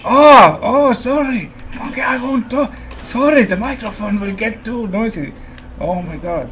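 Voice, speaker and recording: A man chatting casually while playing an online game with friends, excitable and quick to apologize. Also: very high voice, a little hiss or hum. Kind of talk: casual gaming chat.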